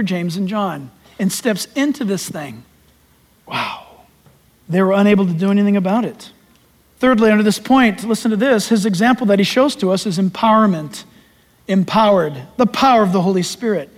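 A male pastor preaching a sermon in a folksy, emphatic way with homespun asides. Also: high-pitched. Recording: long hall reverb.

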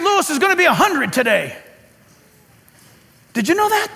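A man preaching a sermon in an animated, joking way, with sarcastic asides to the congregation. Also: very high-pitched, moderate pace, gravelly, long pauses. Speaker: pastor.

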